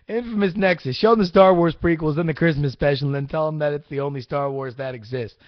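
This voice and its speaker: A young man hosting a casual live-streamed podcast, answering chat with rambling, profane, excitable rants. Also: fairly high pitch, brisk, no room sound, dull audio. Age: young adult. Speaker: podcast host.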